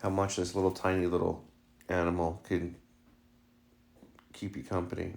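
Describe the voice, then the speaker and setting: A man with a low, gravelly voice talks casually at home in a home vlog. He jokes as he goes and slips into cooing baby talk with his puppy. His speech is loose and chatty. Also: level tone, measured pace, long pauses, a little mellow, slight background noise. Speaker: vlogger and dog owner.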